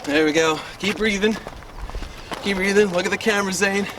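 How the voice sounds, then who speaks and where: Upbeat coach far from the mic outdoors. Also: male voice, high-pitched, normal speed. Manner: upbeat and encouraging, chatty with fillers. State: a little winded. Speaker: sword fighting coach. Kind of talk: outdoor class instruction, counting reps. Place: outdoors in a residential neighborhood. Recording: distant mic with loud street noise.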